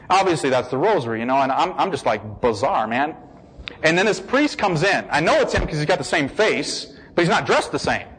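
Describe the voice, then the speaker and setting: Excitable husky man telling his story. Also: high-pitched, poor audio. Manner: excitable storyteller, acts out quotes, laughs often. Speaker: convert giving a testimony. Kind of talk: animated personal testimony.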